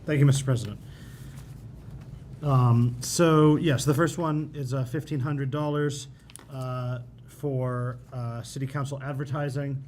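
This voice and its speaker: A man's voice: mid-range voice, fairly even intonation, unhurried, a little mellow, slight background noise. A man serving as a city councilor, explaining an item hesitantly with many fillers at a council meeting.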